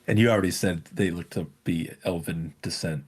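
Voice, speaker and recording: Low, husky, slow-talking player. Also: male voice. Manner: hesitant, with fillers. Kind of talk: casual play at the table.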